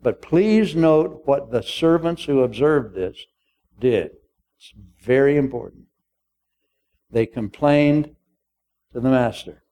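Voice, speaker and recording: An older man delivers a sermon in an unhurried, deliberate way, his pitch rising and falling widely. He acts out the voices of a parable's characters with playful humor as he preaches. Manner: animated storyteller acting out dialogue with humor. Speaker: pastor.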